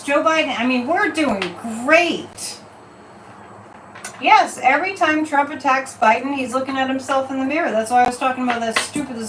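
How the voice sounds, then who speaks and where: Recorded far from the mic, a woman with a slightly high voice hosts a psychic reading stream. She keeps things casual yet emphatic, animatedly repeating phrases, in an echoey space with faint noise behind her.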